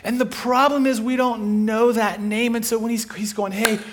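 A man's voice: extremely high pitch, steady tone, normal speed, noisy background. A man preaching a sermon, telling a story with energy and acting out the people in it. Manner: acts out the people in his stories.

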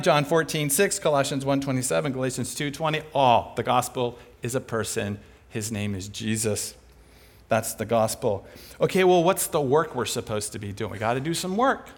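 A man preaching a sermon in an animated, conversational way, asking and answering his own rhetorical questions. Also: mid-range voice, normal speed.

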